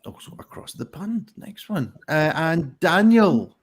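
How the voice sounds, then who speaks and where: A man's voice: fairly high pitch, very animated, unhurried. A man hosting a live online pun contest over a video call, chatty and rambling with many fillers. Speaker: host. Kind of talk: casual live stream hosting.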